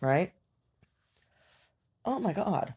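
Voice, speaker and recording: Low-voiced blunt woman ranting. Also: big pitch swings, extremely slow, mellow, slightly rough. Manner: blunt, profane, exasperated. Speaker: video diarist. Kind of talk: casual video diary rant. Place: rural property at home.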